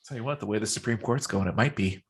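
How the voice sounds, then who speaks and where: A man's voice: on the low side, fast talker, a crowd in the background. A man co-hosting a podcast in casual chat, wisecracking and laughing often. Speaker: podcast co-host.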